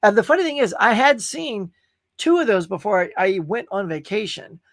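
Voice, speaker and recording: A man's voice: high voice, very animated, normal speed, a bit bright, dry recording, studio quality. A man hosting a podcast, chatting casually and enthusiastically about movies he watched, with lots of restarts and fillers. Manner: enthusiastic, rambling, many restarts. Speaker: podcast host. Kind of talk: casual movie review chat.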